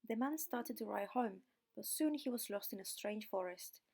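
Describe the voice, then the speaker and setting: A woman reads a classic fairy tale slowly and deliberately for English learners. Her voice sits at a moderate pitch and has a noticeable vocal fry. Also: a little mellow. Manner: slow, deliberate reading. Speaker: audiobook narrator. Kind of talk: slow, clear story narration for English learners.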